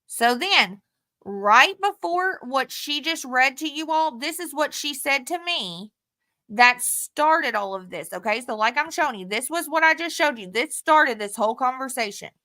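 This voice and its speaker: A woman with a fairly high, bright and forceful voice vents to her viewers. She is frustrated and heated, swearing freely as she goes through old text messages one by one. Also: animated, unhurried. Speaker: vlogger. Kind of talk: casual talk to camera, reading out text messages.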